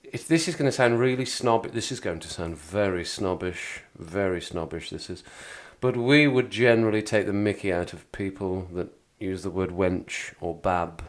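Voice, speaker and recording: Chatty West Midlands man, lowish voice. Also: normal speed, hardly any pauses. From Wolverhampton area, England. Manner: rambling, chatty, laughs often. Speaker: livestream host. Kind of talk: casual livestream chat.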